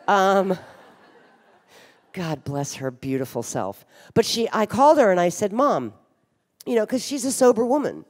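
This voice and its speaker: A woman in her fifties speaks from a hotel ballroom stage, her mid-pitched voice carrying a long hall reverb. She talks frankly and with wry humor and drops the odd blunt curse. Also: sing-song, a little slow, pauses often, darkish tone. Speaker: speaker at a recovery conference. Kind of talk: candid personal talk on stage.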